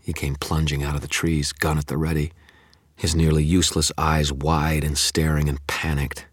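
A man's voice: very deep voice, little pitch movement, normal speed, breathy edge, no echo, clean studio sound. A man giving an intense, dramatic first-person audiobook narration.

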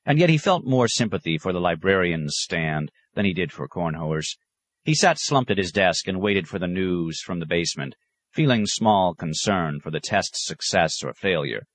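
A man narrating a novel in a calm, expressive storytelling voice. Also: low voice, moderate pace. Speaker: audiobook narrator. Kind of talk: scripted narration.

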